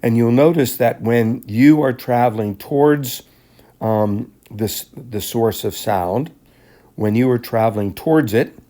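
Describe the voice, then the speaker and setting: A man teaching a class, explaining the material in a measured, step-by-step way and often clearing his throat. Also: mid-range voice, mellow. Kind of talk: classroom lecture explaining handouts.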